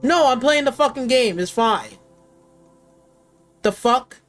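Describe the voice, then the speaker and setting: A woman's voice: fairly high pitch, animated, takes it slowly, faint music behind. Woman ranting angrily on stream. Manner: angry, sarcastic, profane ranting. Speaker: gaming streamer. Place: at a desktop gaming PC.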